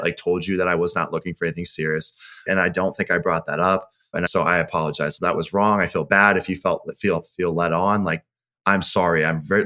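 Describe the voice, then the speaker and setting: A man's voice: low-pitched, sharp tone. A man, a podcast guest, telling a personal story in a candid, rambling way, often restarting his sentences. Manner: candid, rambling, self-correcting. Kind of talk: casual storytelling.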